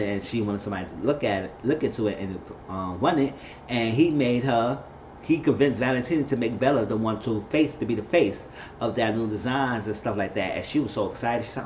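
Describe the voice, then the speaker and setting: A man giving an animated, chatty recap of a TV episode, with quick asides. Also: mid-range voice. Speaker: TV show reviewer. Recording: echoey, dull-sounding room with faint hiss.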